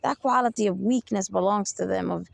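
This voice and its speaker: A woman's voice: mid-range voice, fairly quick, vocal fry, no room sound. A woman speaking in an unscripted advice monologue, emphatic and repetitive, often checking in with the listener. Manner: emphatic, keeps asking "you get me?". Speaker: self-help speaker.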